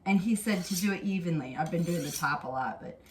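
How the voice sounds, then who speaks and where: Low-voiced woman cooking at home. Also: brisk, echoey room, recorded from a distance, a little hiss or hum. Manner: chatty, explains as she works. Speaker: cooking vlog host. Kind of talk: casual cooking demonstration. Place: home kitchen.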